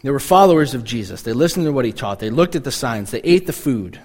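A man's voice: mid-range voice, lively intonation, quick pace, darkish tone. A man preaching a casual, conversational sermon, often acting out the reactions of listeners in short quoted asides. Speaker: pastor.

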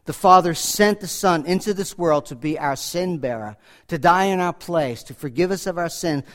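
A male pastor preaching a sermon, swinging from emphatic loud declarations to quiet, low asides.

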